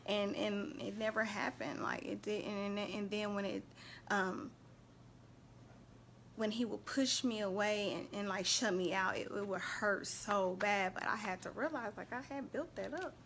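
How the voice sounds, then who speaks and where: A chatty woman, talking casually to her live-stream viewers. Her voice sits at a middle pitch, lively and warm in tone. A faint hum of background noise sits behind her. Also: normal speed. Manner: animated, chatty, shouts out viewers and laughs often. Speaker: host of a faith and relationship live stream.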